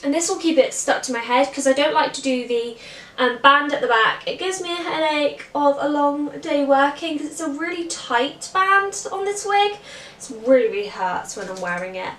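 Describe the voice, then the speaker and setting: A woman with a high voice walks through her makeup, wig and costume in a chatty, upbeat way. She explains each step as she goes. The room is echoey and the mic sits some distance from her. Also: moderate pace, a bit bright. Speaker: costume character performer. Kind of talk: casual makeup and costume tutorial.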